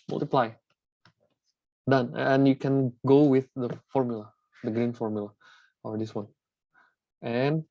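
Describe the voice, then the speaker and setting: A man with a dark, mellow voice walks through math problems in a tutorial. He repeats words, restarts his phrases and checks in with "right?" after each step. The recording is dry, dull and lo-fi. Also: mid-range voice, no room sound. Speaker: math teacher. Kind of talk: tutorial lesson working through examples.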